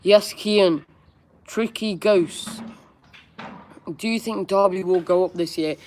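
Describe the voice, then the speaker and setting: Chatty young man with a high voice. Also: slow pace, darkish tone, slight background noise. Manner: chatty, candid, casual slang. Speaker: football fan streamer. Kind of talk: live-stream Q&A, reading chat questions aloud.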